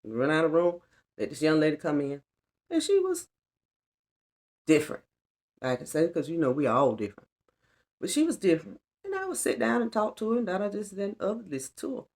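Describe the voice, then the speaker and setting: A woman's voice: on the low side, huge pitch swings, a little fast, pauses often, a little mellow. A middle-aged woman giving an earnest, colloquial personal testimony on a spiritual vlog, repeating lines for emphasis. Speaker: spiritual vlogger.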